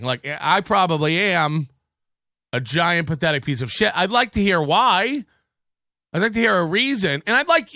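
A man hosting a comedy podcast, ranting in a mocking, profane way and often breaking into shouts. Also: high voice, no room sound, studio quality. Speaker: podcast host.

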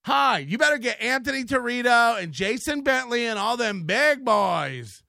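A man's voice: extremely high pitch, big pitch swings, normal speed, gravelly, pushed and bright, dry recording, studio quality. A man hosting a live online show in casual commentary, profane and mocking, laughing often.

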